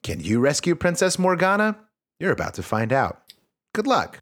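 A man hosting a comedic book-reading podcast with a lively, swinging delivery. He jokes freely and lets his asides drop into quiet mumbles. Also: fairly high pitch, moderate pace. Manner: animated, joking, drops to mumbled asides. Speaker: podcast host.

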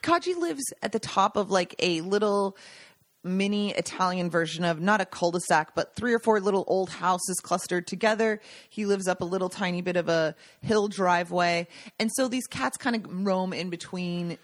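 Woman, 40s, podcast co-host, lively storyteller, dry close sound. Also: fairly low pitch, moderate pace, no room sound. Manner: animated storytelling, laughs often. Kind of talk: casual chat.

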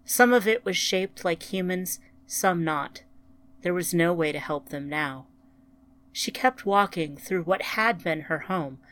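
Woman narrator, lower voice, slow and somber storytelling. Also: fairly bright tone.

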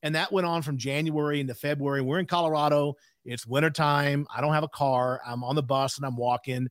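A man's voice: fairly high pitch, fairly even intonation, fairly quick, dry recording, clean studio sound. A man in his sixties, a podcast guest telling a candid story in an emphatic way with frequent asides.

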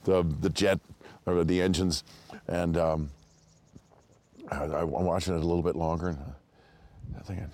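A man with a very deep, low voice tells rambling, animated stories as an interview guest. He restarts his sentences often and laughs along the way. He slips into higher voices to mimic the people in his stories. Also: moderate pace, long pauses, noisy background. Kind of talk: anecdotal storytelling.

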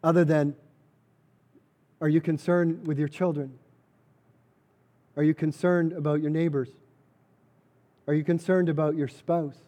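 A man's voice: fairly high pitch, level tone, measured pace, long pauses, mellow. A man preaching a sermon, earnest and emphatic, repeating key phrases for weight. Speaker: pastor.

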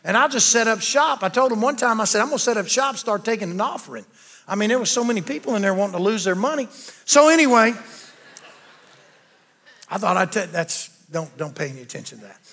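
A man preaching a sermon, telling folksy stories and building to loud, emphatic declarations. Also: sits high, lively intonation, quick pace, gravelly, husky. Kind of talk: sermon with storytelling.

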